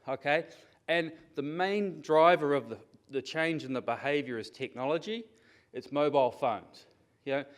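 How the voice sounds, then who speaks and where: New man, middle-aged, slightly high voice, conference talk, chatty, keeps asking "okay?". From New Zealand. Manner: lively, conversational, checks in with the audience often. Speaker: conference speaker. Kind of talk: conference presentation.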